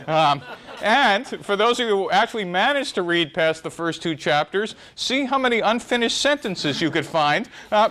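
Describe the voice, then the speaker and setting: A middle-aged man giving a live lecture on startups to an audience, wry and self-deprecating, with lively swings in pitch. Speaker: speaker giving a startup talk.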